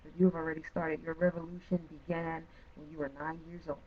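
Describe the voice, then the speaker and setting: A woman's voice: low voice, little pitch movement, quick pace. A woman hosting an interview, talking in an earnest, affirming way and often repeating her points for emphasis. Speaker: talk show host. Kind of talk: encouraging interview talk. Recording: tinny phone-like sound.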